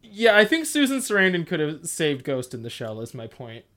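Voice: mid-range voice, sing-song, normal speed, a bit bright. Rambling chatty podcast host. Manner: rambling, heavy use of "like", frequent laughter. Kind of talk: casual podcast chat.

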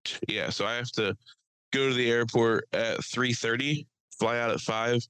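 A man's voice: medium pitch, fairly even intonation, a bit bright, clear, resonant tone, no room sound, rough recording. A man co-hosting a podcast, telling crude jokes and rambling stories in casual chat. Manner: joking, profane storytelling with quick asides. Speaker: podcast co-host.

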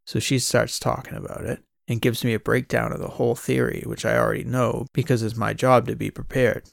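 A man's voice: medium pitch, flat delivery, fairly quick, creaky, few pauses, no room sound, studio quality. A man giving first-person audiobook narration in a wry, conversational private-eye voice.

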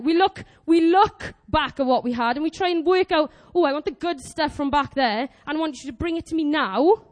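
A woman in her twenties preaching a lively sermon, animated and exclamatory, acting out quoted prayers. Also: high-pitched. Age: 20s.

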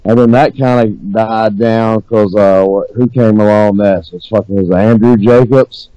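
Man, podcast host, laid-back, rambling, smooth voice, dry close mic. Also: fairly low pitch, steady tone, normal speed, warm tone, dry recording, dull audio. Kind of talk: casual chat.

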